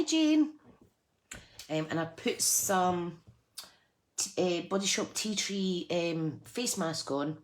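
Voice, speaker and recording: Chatty low-voiced woman crafting. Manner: chatty, self-deprecating, laughs often. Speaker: craft channel host. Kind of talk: live crafting tutorial chat.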